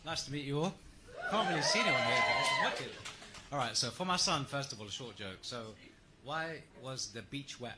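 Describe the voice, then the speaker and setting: A man's voice: medium pitch, huge pitch swings, moderate pace, background noise. A man telling a joke in a played clip, laughing through his own punchline.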